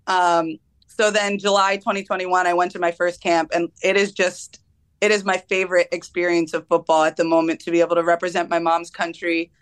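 Her voice sits on the low side, clear and resonant, with little pitch movement and a slightly fast delivery. She is a young woman footballer from the United States, a guest who handles interview questions casually with lots of ums and laughs.

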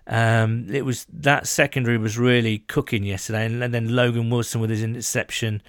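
A man's voice: mid-range voice, little pitch movement, brisk, no room sound, clean studio sound. A man co-hosting a casual sports podcast, chatty and enthusiastic with self-deprecating asides. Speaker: podcast co-host.

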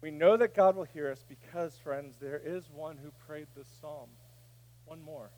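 A man preaching a sermon, dropping to a hush and then rising to a shout. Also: fairly high pitch, measured pace, slight background noise. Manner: preaching, swinging from hushed to shouting. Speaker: pastor.

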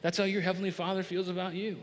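A middle-aged man preaching a sermon in a lively, conversational way, acting out little bits of dialogue. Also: sits high, quick pace. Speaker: pastor. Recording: long reverb of a large hall.

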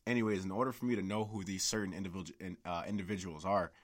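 A man's voice: low voice, fairly even intonation, rapid-fire. A young man hosting a solo podcast, rambling and swearing a lot, with constant filler words. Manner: rambling, profane, heavy use of "like". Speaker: podcast host. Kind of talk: casual solo podcast rant.

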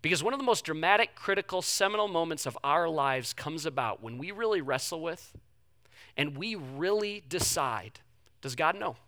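A man preaching a sermon as a pastor, telling the story in a conversational, humorous way, moving between hushed reflection and loud, pleading questions. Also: fairly high pitch, expressive, normal speed.

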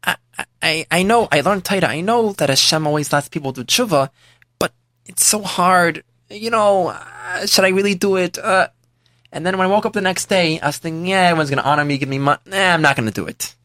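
In a high, bright, forceful voice delivered briskly, a man plays a repentant rich man, an older former priest, plainly and earnestly confessing his past in the first person. The recording is dry with clean studio sound.

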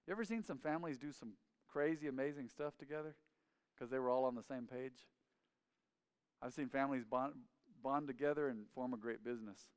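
A man's voice: medium pitch, a little fast, smooth. A man preaching a sermon as a pastor, with emphatic, repetitive phrasing. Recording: long hall reverb.

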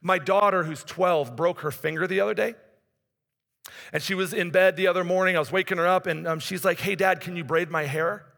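Preaching conversationally in church, a pastor in his forties lets his intensity swell and fall. He speaks briskly in a high, steady, creaky voice that's a bit bright, and the hall adds a long reverb.

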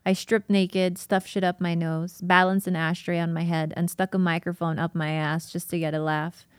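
A woman podcast host reading a diary aloud and chatting, emotional and quick to laugh. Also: lowish voice, little pitch movement, clear, resonant tone, dry recording, studio quality.

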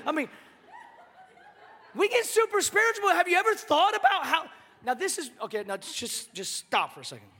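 A man preaching a sermon in an animated, joking, conversational manner. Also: very high-pitched, moderate pace, long pauses, in a large hall. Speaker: pastor.

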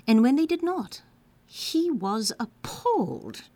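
A woman narrating a children's story in a playful, expressive reading. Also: high voice, slow, no room sound.

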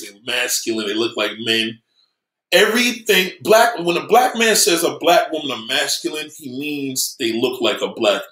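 A man's voice: medium pitch, fairly bright tone. Man, mid-range voice, profane combative livestream host, roomy echo. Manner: swearing, combative, mocking, repeats himself. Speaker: livestream host reading viewer comments.

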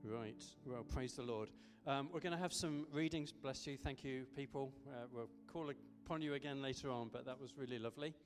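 A man's voice: mid-range voice, fairly quick, few pauses, soft background music. A man preaching a sermon in a conversational way, with frequent ums and restarts. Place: church service. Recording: echoey church hall.

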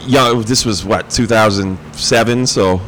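A man's voice: fairly low pitch, measured pace, fairly bright tone, rough recording. A man, telling a rowdy story in casual chat, laughing often and swearing freely. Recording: faint background noise.

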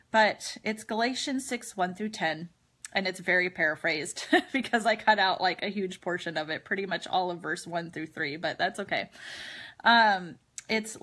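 An earnest woman talking openly on her own podcast in a chatty, confessional way. She sounds a little teary after crying, and her voice sits at a middle pitch. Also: sharp tone. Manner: earnest, open, chatty with light laughs. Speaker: podcast host. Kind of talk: personal confessional talk with prayer.

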